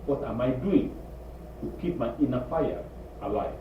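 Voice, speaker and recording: A man preaching a sermon in a congregation hall, animated and emphatic, repeating his points, recorded from a distance. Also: medium pitch, moderate pace, a little hiss or hum. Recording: distant, echoey, dull room recording.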